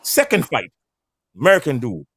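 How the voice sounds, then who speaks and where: A man in his fifties from an island, telling stories in casual chat in a barbershop. He talks in an animated way, swears, and often repeats and restarts his words. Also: mid-range voice, normal speed, gravelly, husky, dry recording. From Caribbean island. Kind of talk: casual storytelling.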